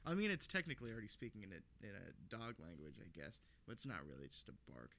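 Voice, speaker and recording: A man's voice: lowish voice, huge pitch swings, quick pace, gravelly, fairly bright tone. A young man co-hosting a podcast, rambling and swearing with lots of laughs in casual chat. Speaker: podcast co-host.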